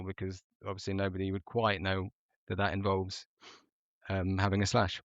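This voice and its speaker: A man's voice: low voice, completely flat delivery, normal speed, no echo. A man with an English accent, a podcast guest chatting in a wry, hesitant way with plenty of ums. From England. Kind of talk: casual podcast chat. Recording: dull lo-fi remote audio.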